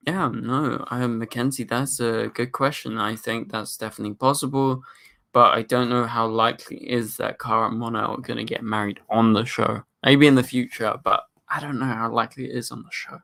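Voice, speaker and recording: A man's voice: mid-range voice, creaky, pushed and bright. A young man hosting a casual livestream, reading chat questions aloud and rambling through his answers with plenty of fillers. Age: young adult. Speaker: livestream host.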